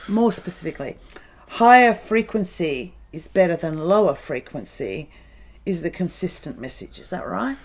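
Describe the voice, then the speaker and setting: A woman's voice: fairly low pitch, sing-song, normal speed, husky. A woman co-hosting a live show, reading listener questions aloud and giving brief agreeing replies.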